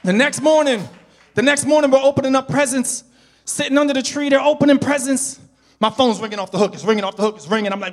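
A male pastor preaching a storytelling sermon, swinging between hushed, intimate passages and loud, shouted exhortation. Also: very high-pitched, fast talker.

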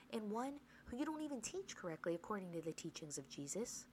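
A woman's voice: medium pitch, big pitch swings, fairly quick, hardly any pauses, a little mellow, slight background noise, poor audio. A woman teaching a podcast Bible study in an earnest way, often asking rhetorical questions and checking in with "right?".

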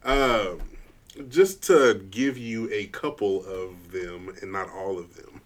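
Casting: excitable male podcast co-host, casual, laughs a lot, stumbles over words. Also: on the low side, slow. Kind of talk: casual chat.

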